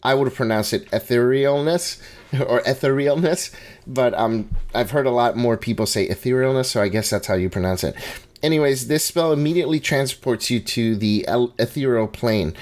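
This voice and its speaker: Speaking fairly quickly in a medium-pitched, slightly mellow voice, this Hispanic man walks through a tabletop game guide. His manner is conversational, full of restarts and hedging asides, and he laughs at himself.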